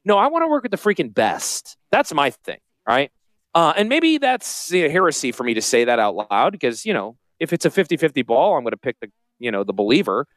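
A man's voice: on the high side, wildly swooping pitch, fairly quick, a bit bright, no room sound. A man hosting a financial talk radio show, brash, sarcastic and rambling. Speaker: radio host, financial planner. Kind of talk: joking talk radio monologue.

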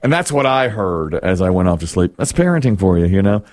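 A man's voice: low-pitched, big pitch swings, fairly quick, darkish tone, no room sound. A middle-aged man hosting a show, telling a wry, self-mocking story in casual chat and laughing often. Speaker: radio show host.

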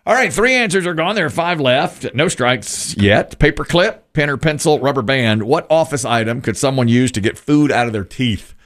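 A man's voice: medium pitch, animated, moderate pace, hardly any pauses, a bit bright. A man hosting a survey game show, upbeat and joking as he reads answers and questions.

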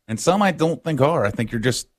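A man's voice: mid-range voice, expressive, fairly quick. A man co-hosting a talk show, trading wry, jokey asides in casual banter. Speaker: radio co-host.

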